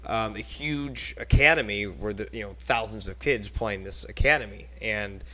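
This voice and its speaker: A man's voice: fairly low pitch, moderate pace, bright, forceful tone, rough recording. A man hosting a casual podcast, telling rambling stories and laughing often. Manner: chatty rambling storyteller with frequent laughs. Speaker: podcast host.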